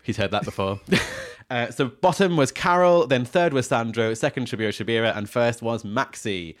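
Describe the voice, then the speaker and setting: A man's voice: medium pitch, moderate pace, dry recording. A man co-hosting a podcast in casual chat, dry and teasing with cheeky asides. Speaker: podcast co-host.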